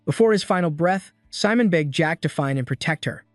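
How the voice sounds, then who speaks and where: A man narrating a scripted story recap with a steady storytelling delivery. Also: fairly high pitch, fairly quick, no echo, clean studio sound, soft background music.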